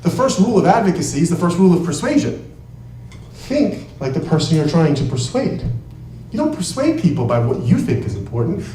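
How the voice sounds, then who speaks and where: A man's voice: on the high side, slight background noise. A man who is a trial lawyer, giving an emphatic talk to an audience in a large room, heard from a distant mic. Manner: emphatic and animated, with quick bursts. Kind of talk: presentation to an audience. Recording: echoey room, voice from far off.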